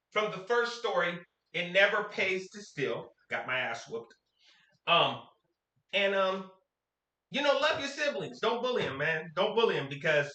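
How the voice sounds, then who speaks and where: A man from Sacramento tells a story to camera in a slangy, animated way, his voice high and swinging. The tone is bright and sharp. He is recorded in an echoey room. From Sacramento, California. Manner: animated, slangy, acts out quotes.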